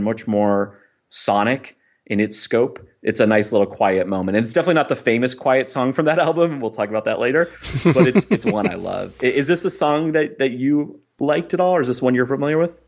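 A man's voice: mid-range voice, brisk, highs cut off. A man hosting a podcast, talking about a favorite song in a reflective, rambling way with many fillers. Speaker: podcast host. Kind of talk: casual music discussion.

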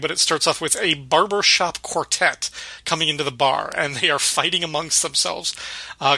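A middle-aged man co-hosting a podcast in casual chat, relaxed and talkative, recapping scenes. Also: on the high side, vocal fry, no room sound, low-quality recording. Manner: relaxed, chatty, recaps scenes with quoted voices. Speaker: podcast co-host.

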